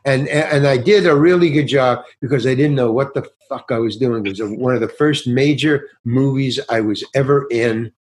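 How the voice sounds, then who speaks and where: A man's voice: mid-range voice, moderate pace, few pauses, darkish tone. An older man, a guest actor in a casual interview, telling rambling anecdotes with many restarts and acting out bits of dialogue.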